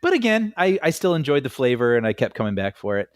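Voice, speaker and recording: Thoughtful podcast man, lively pitch. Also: quick pace, no echo, clean studio sound. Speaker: podcast co-host. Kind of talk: casual chat.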